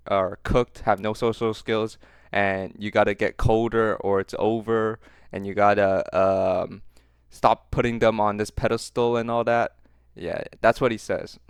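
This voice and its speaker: Casting: male commentary host, smooth and crisp, close dry sound, teasing, laughs a lot. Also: lowish voice, dry recording. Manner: mocking, laughs often, repeats phrases for effect. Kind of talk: reaction commentary.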